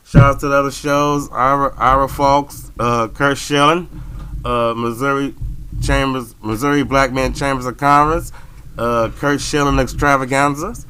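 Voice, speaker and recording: A man's voice: mid-range voice, steady tone, normal speed, bright, forceful tone, slight background noise. A man hosting a casual talk radio show, rambling and joking with lots of fillers and restarts.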